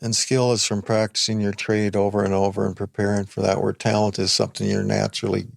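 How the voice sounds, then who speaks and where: Older man with a flat, gravelly voice. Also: on the low side. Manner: plain-spoken, reflective, unhurried. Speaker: podcast guest. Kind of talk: casual conversation.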